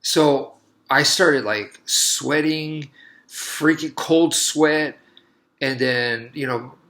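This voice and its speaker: Bright-voiced man telling a rambling story. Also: a little high, drawn-out words. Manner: loose and rambling, with many restarts. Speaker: martial artist.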